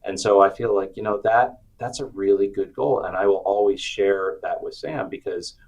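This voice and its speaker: Middle-aged guy, deep husky voice, chatty storyteller acting out quotes. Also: moderate pace, lo-fi sound. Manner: animated storyteller, acts out quotes. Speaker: author and guest. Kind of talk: storytelling interview chat.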